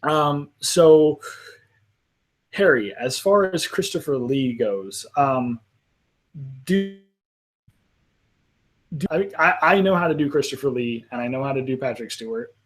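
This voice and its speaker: A man hosting a live panel in casual chat, rambling with frequent restarts and quick apologetic asides. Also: mid-range voice. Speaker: panel host.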